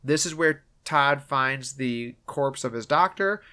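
Wry podcast host man, mid-pitched. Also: slow pace, bright, forceful tone, clean tone. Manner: wry, swears, acts out quoted lines. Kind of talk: casual chat, recapping a film.

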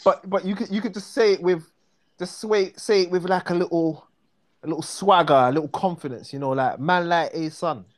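A man's voice: high-pitched, fairly even intonation, fairly quick. A young man with a South London accent chatting as a guest, laughing often and teasing, repeating his phrases. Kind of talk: casual chat.

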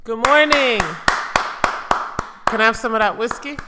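A woman's voice: a little high, unhurried, very noisy. A woman from New York co-hosting a casual podcast, chatty and teasing as she tells stories. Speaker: podcast co-host. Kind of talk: casual banter.

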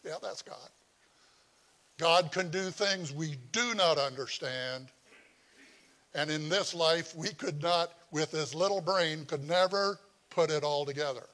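Animated, slightly high-voiced male preacher. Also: takes it slowly. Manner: animated, conversational, chuckles while telling stories. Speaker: pastor. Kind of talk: sermon with personal storytelling.

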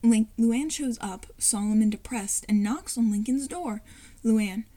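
A woman narrates a fan-written cartoon story at home, breaking off for chatty asides and brushing past her stumbles. Her voice is fairly high yet mellow and soft-toned, picked up on a home computer mic. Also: measured pace. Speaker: fan-fiction reader and narrator. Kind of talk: reading a fan script aloud at home.

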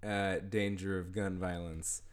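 Male co-host, slightly low voice, loose rambling delivery full of swearing. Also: little pitch movement, measured pace, noisy background. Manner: rambling, heavy swearing, laughs often. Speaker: podcast co-host. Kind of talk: casual podcast chat.

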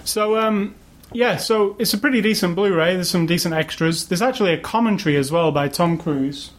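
A man's voice: high voice, brisk. A man co-hosting a podcast, chatting casually about a film with many fillers and restarts. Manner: rambling, lots of fillers and restarts. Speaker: podcast co-host. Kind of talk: casual chat, film review.

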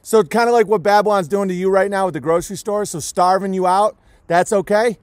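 High-voiced sarcastic ranting man. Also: steady tone, fast, no room sound. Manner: sarcastic, mocking, abrasive. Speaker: livestream host. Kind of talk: profane ranting monologue.

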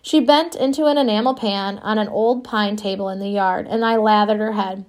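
A woman's voice: medium pitch, moderate pace. A woman reading an audiobook in the first person, with a wistful, wry storytelling manner. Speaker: audiobook narrator. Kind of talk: scripted first-person narration.

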